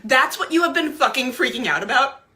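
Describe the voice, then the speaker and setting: A woman's voice: high voice, lively intonation, brisk, bright, forceful tone. A woman ranting in casual commentary, profane and exasperated, often laughing as she talks. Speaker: TikTok commentator.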